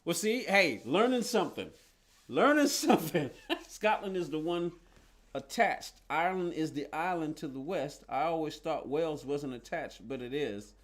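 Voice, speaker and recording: A man's voice: on the high side, animated, moderate pace. A man streaming a racing game, chatting casually with viewers and thinking aloud as he plays. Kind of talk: casual live-stream chat while playing.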